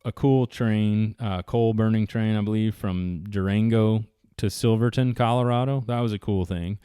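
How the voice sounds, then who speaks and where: Man, fairly low voice, chatty and rambling, casual vlog. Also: warm tone, clean tone, no room sound, studio quality. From Southeastern United States. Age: 40s. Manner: rambling, chatty, with many restarts and fillers. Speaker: vlogger. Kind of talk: casual storytelling.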